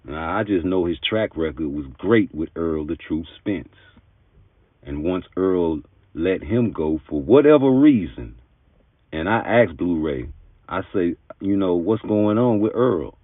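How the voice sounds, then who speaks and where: Deep-voiced man ranting about boxing. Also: animated, measured pace, no room sound. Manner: emphatic, argumentative, street-talking. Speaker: boxing commentator. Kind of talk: opinionated commentary monologue. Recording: tinny phone-like dry sound.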